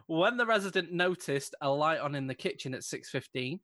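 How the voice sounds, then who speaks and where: A man's voice: a little high, lively intonation, normal speed, sharp tone. A man co-hosting a comedy podcast, reading a news story aloud and often breaking into giggles. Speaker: podcast co-host.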